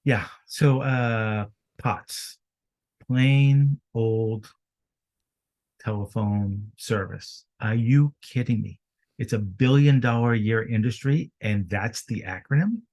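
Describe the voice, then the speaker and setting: A man speaking as a podcast guest in a casual business chat. His voice sits at an ordinary middle pitch, and he talks with energy, tossing out rhetorical questions. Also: takes it slowly, darkish tone.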